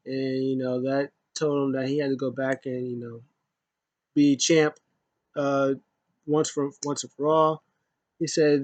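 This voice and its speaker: A man's voice: medium pitch, little pitch movement, measured pace, no room sound. A man giving a loose, rambling casual recap as a wrestling show reviewer, full of asides.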